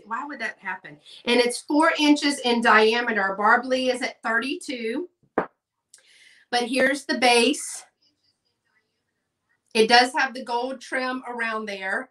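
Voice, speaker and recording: Her voice is fairly high, bright, and forceful, picked up from a distance. She's a talkative Texan hosting a live selling stream, calling out bids and tossing in plenty of "y'all" as she chats casually.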